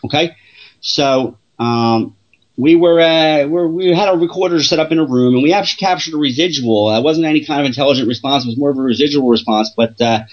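A man who investigates the paranormal, talking through his stories in a halting way with many restarts and fillers. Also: a little high, highs cut off. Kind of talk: casual interview storytelling.

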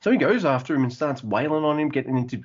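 A man's voice: a little high, lively intonation, fast talker, breathy edge, highs cut off. A man co-hosting a podcast in casual, joking chat, swearing and laughing often. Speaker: podcast co-host.

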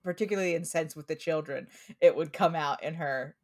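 A woman in her thirties with a Portland accent, co-hosting a casual podcast chat, animated and quick to laugh. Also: deep voice. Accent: Portland, Oregon. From Pacific Northwest US. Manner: chatty, laughs often, animated storytelling. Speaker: podcast co-host.

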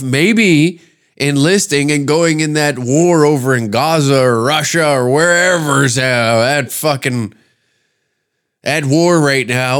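A man holds forth on his podcast in a loose, profane comic rant. He leans on sarcasm and curses often. His voice rides slightly higher than most men's. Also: a bit bright. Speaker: podcast host. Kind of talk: comedic rant.

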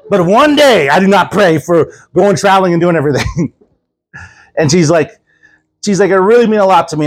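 Here a man with a high voice preaches through storytelling, animatedly voicing the people in his tale. Laughter passes often between him and the congregation.

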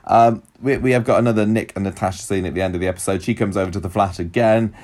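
A man's voice: low voice, steady tone, rapid-fire, darkish tone. A man in casual chat, recapping a soap episode with quoted lines and restarts. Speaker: podcast co-host recapping a soap.

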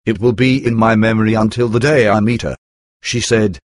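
Earnest low-voiced man telling his story. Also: steady tone, fairly quick, no echo, clean studio sound. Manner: earnest and emotional, with sighing asides. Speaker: narrator of his own life story. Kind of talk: first-person storytelling narration.

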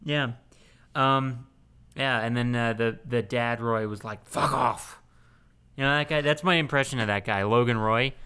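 A man's voice: medium pitch, steady tone, bright, forceful tone, clean tone. Rambling man in a podcast recap. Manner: rambling, lots of ums and uhs, quick laughs. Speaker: podcast co-host. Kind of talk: casual movie recap chat.

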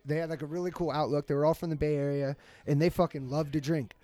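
A man's voice: a little high, fairly even intonation, fast, warm tone, no echo. A man casually telling a long, rambling, profanity-laced story on a podcast, slipping into voices for the people he quotes. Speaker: podcast host.

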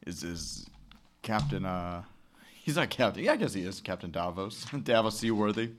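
A man's voice: on the low side, expressive, moderate pace. A man co-hosting a podcast in casual chat, profane and rambling, laughing often. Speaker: podcast co-host.

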